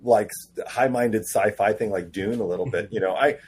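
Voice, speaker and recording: Husky low-voiced man telling animated stories. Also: normal speed. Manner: animated storyteller, acts out quoted dialogue. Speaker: comic book writer guest. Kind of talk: casual podcast interview.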